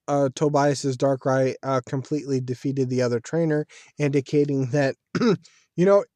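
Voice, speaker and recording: Chatty man with a slightly high voice. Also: a little mellow, dry recording, studio quality. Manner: chatty, rambling fan talk. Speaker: video creator reviewing an anime series. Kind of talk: casual solo commentary.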